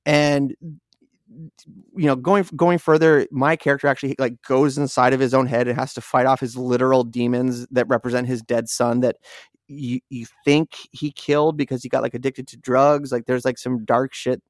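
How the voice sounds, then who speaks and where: A man co-hosting a podcast, telling a story in animated casual chat, swearing freely and acting out what people said. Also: mid-range voice, normal speed, dry recording, studio quality. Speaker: podcast co-host.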